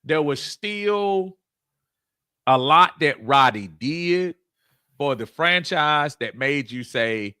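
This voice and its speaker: Lively high-voiced man talking sports. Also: clean tone. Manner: halting, repeats words, animated. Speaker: co-host. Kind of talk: casual sports talk.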